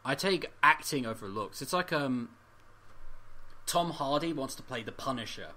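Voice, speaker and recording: A man co-hosting a casual podcast with a lot of bounce in his voice. His pitch swings widely and his tone is bright and forceful. He swears freely and laughs often. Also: lively intonation, moderate pace. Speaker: podcast co-host. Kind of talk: casual chat.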